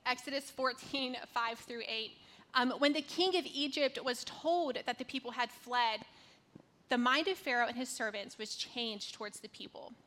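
A woman's voice: on the high side, normal speed, bright, forceful tone. A woman in her thirties from North Carolina giving a conversational devotional talk, telling a personal story with casual fillers.

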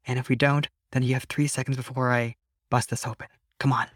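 Casting: jittery young dragon-shifter woman, a man doing the voice, stammers, pleads, a bit higher than his own voice. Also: little pitch movement, brisk, no echo, studio quality, natural voice. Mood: pushy. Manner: stammering, pleading then threatening. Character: young female dragon-shifter hero, anxious. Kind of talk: voicing a character in an actual-play game.

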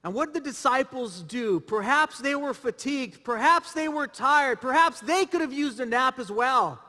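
A man's voice: very high voice, lively intonation, moderate pace, bright, forceful tone, long reverb tail. A man preaching a sermon, asking rhetorical questions and repeating phrases as he builds his point. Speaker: pastor.

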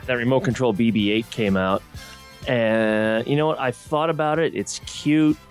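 A man's voice: mid-range voice, moderate pace, soft background music. A man co-hosting a podcast in casual chat, joking and exasperated. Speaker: podcast co-host.

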